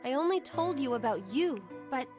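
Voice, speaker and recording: A composed young woman from a video game, delivering her lines in a high, even, matter-of-fact tone. Game music plays clearly beneath her. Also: normal speed. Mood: calm.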